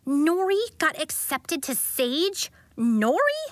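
A woman's voice: on the high side, big pitch swings, slow, sharp tone, dry recording, heavily acted. A woman voicing a snooty, unkind young schoolgirl in a storybook reading. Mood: sneering.

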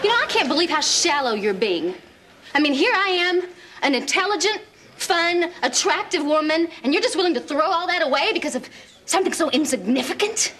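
An actress playing a feisty young Southern woman who speaks with a folksy drawl and quick comebacks, in a sitcom scene. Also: high-pitched, expressive, fairly bright tone. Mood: indignant. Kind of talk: sitcom acting. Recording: sitcom audio with audience laughter. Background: studio audience laughter.

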